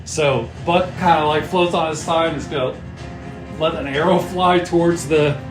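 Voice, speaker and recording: A man's voice: fairly high pitch, fairly even intonation, moderate pace. A man running a tabletop game as game master, describing the scene loosely with lots of fillers and frequent laughs. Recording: echoey room with music behind.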